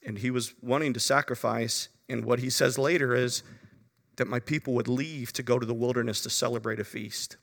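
A man's voice: medium pitch, steady tone, fairly quick, creaky, a bit bright, in a large hall. A man preaching a Bible-teaching sermon, talking to his listeners conversationally with frequent asides.

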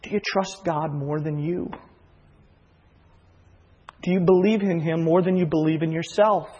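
A man's voice: fairly high pitch, fairly even intonation, measured pace, mellow, breathy edge, long reverb tail, dull audio. A male pastor preaching a sermon in a church, earnest and confessional, often acting out inner voices. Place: church sanctuary.

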